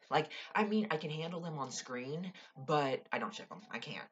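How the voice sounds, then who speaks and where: A young woman with a low-pitched voice vents about a TV show in an exasperated, sighing, swearing tone. Her talk is casual and rambling. Faint noise sits under the recording. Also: fast talker, few pauses, muffled recording. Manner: exasperated, frequent sighs and swearing. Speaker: vlogger. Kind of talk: casual TV recap rant.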